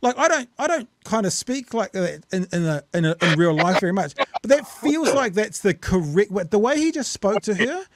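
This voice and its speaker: A man's voice: high-pitched, big pitch swings, normal speed, hardly any pauses, no room sound. A man with a New Zealand accent co-hosting a casual political chat, blunt and swearing freely as he gets heated. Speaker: podcast co-host.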